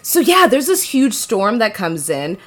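A woman's voice: mid-range voice, big pitch swings, unhurried. Chatty young woman recapping a movie. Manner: chatty, lots of "like" fillers, laughs often. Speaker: podcast co-host. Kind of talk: casual movie-review chat.

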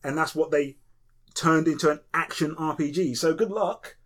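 A man co-hosting a casual gaming podcast, animated and joking, with frequent swearing. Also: a little high, normal speed. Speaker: podcast co-host.

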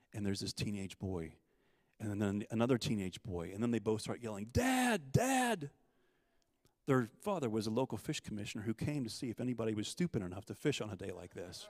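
A middle-aged man giving a personal testimony, telling a story with lively acted-out quotes. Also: fairly low pitch, no room sound. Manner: animated storyteller, acts out quotes. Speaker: guest storyteller.

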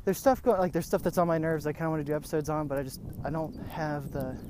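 A young man hosting a podcast, out of breath as he walks around a track outdoors, rambling through a casual, low-energy update. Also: steady tone, quick pace. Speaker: podcast host. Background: wind and outdoor sounds.

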